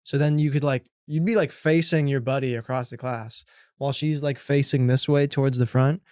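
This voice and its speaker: A man's voice: medium pitch, fairly even intonation, normal speed, a little mellow, clean tone, no room sound, studio quality. A young man hosting a podcast, telling school stories in casual chat with laughs and loose swearing. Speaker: podcast host.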